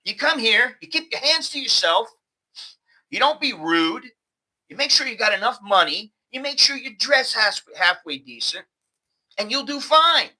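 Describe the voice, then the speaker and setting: American man, casual vlog talk, high voice, very bright and forceful tone, animated. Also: normal speed, rough recording. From United States. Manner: animated, conversational, repeats words. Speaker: host.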